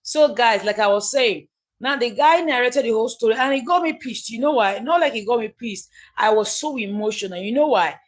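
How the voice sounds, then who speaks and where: A woman's voice: fairly high pitch, brisk. A Nigerian woman hosting a casual livestream, chatty and emphatic, often repeating her key phrases. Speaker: livestream host.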